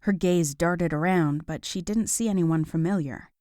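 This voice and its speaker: A woman narrating a romance audiobook in a measured, even storytelling voice. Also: on the low side, dry recording, clean studio sound.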